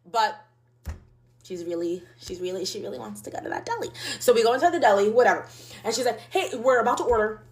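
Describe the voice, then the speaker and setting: A woman's voice: medium pitch, fast talker, slight background noise. A woman in her mid-twenties telling a casual storytime, rambling and packing her sentences with fillers as she acts out what everyone said. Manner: rambling, filler-heavy, animated retelling.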